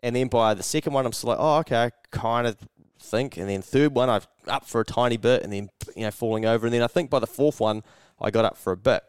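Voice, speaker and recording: A man's voice: mid-range voice, quick pace, smooth, dry recording, studio quality. A young man with a New Zealand accent, co-hosting a podcast and telling a story in casual chat, swearing often and acting out his own thoughts. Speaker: podcast co-host.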